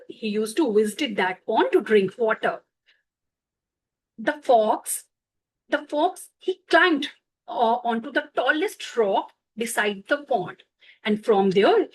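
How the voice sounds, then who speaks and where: A woman narrating a bedtime story slowly, pausing to explain words for children, with fillers and self-corrections. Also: on the high side, rough recording.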